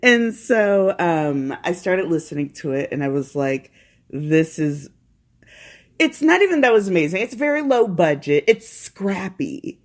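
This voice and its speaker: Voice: medium pitch, very animated, normal speed, hardly any pauses. A podcast host chatting casually from home while feeling unwell, rambling and laughing often.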